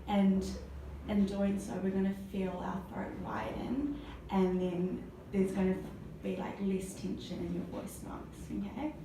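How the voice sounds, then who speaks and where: A woman's voice: medium pitch, background noise. A woman acting as a voice therapist, taking a client through breathing and voice exercises step by step and praising each try. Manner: encouraging, praises often. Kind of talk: step-by-step instruction. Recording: echoey room, mic at a distance.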